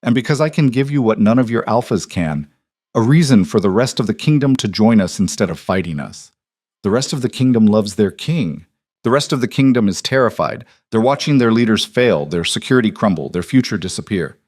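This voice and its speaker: A man's voice: lowish voice, animated, a little fast, darkish tone, dry recording, studio quality. A man voicing a defiant young woman, a cast-out wolf queen, who speaks in a cool, level, unyielding way. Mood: steely.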